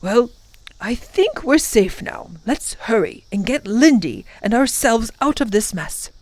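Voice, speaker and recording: A woman reading aloud and voicing a calm, steady older male professor with a measured, reassuring manner. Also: extremely high pitch, dry recording, exaggerated voice.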